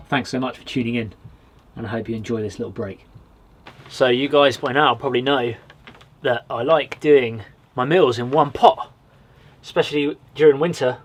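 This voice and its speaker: A man from Britain vlogging from a small wood cabin with a stove, chatting in a relaxed way and talking straight to his viewers. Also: mid-range voice, breathy edge. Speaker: outdoors vlogger. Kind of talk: casual vlog to camera.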